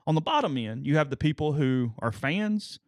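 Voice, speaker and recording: A man co-hosting a sports podcast who talks in an animated way and slips into mocking voices when he quotes people. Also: on the high side, normal speed, no echo, studio quality. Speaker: podcast co-host. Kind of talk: casual sports talk.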